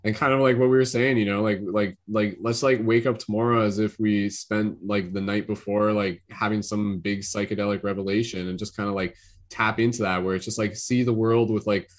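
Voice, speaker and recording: A man's voice: on the low side, steady tone, a little fast. A man hosting a casual group video call, talking in a laid-back way with lots of "like" and "kinda". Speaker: host.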